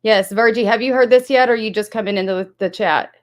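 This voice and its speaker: A woman's voice: on the high side, fast talker. A woman hosting a livestream, talking bluntly and accusingly to her chat with plenty of swearing. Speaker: livestream host. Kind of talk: heated livestream talk to chat.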